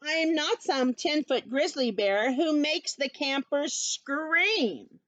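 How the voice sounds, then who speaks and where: A cross little male koala from a storybook, as a woman reads him aloud, griping that everyone keeps calling him a bear. His voice sits high, swoops up and down, and his complaints come slowly. The sound is dull and lo-fi, recorded close and dry. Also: animated, a bit bright, no echo, exaggerated voice. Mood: indignant. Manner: indignant, complaining. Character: grumpy male koala fed up with being called a bear.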